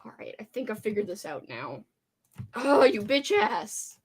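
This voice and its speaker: A young woman hosting a casual livestream chat, giggly and animated, swearing now and then. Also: medium pitch, a little slow, slightly rough. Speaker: channel host.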